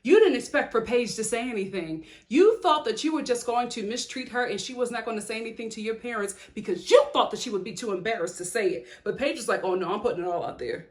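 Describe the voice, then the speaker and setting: A woman from Chicago giving an opinionated, heated recap of a reality show, sassy and animated with frequent laughter. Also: a little high, quick pace, few pauses.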